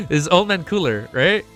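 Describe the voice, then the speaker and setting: An excitable young man chatting on a casual reaction stream, his bright voice leaping up and down in pitch as he swears and laughs his way through. Faint music plays under his talk. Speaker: streamer reacting to a web novel. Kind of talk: casual live reaction chat.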